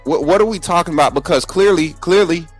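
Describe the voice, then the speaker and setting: A man with a high-pitched voice hosts a live sports talk stream. He talks combatively and repeats himself, speaking straight to his viewers. Faint music plays behind him. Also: fairly quick. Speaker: sports show host.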